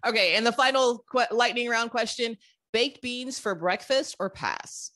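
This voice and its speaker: A woman's voice: fairly high pitch, moderate pace, bright, forceful tone. A woman hosting a podcast, playful and giggly as she fires off questions. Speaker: podcast host. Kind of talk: casual interview chat.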